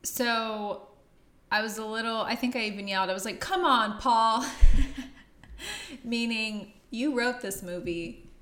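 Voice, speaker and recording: A woman's voice: on the high side, steady tone, moderate pace, a bit bright, echoey room. A woman co-hosting a casual movie review chat, laughing often and trailing off mid-sentence. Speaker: podcast co-host.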